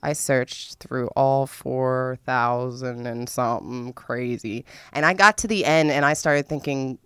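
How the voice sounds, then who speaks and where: A young woman telling a dramatic, profane story in a casual vlog, with sudden loud outbursts. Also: a bass voice, a little slow, few pauses, clean tone, dry recording, clean studio sound. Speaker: vlogger.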